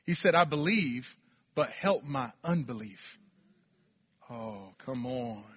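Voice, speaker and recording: A man's voice: medium pitch, lively intonation, takes it slowly, slightly rough. A male pastor preaching a sermon, calling on the congregation to respond and building to emphatic peaks. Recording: dull, roomy church hall sound.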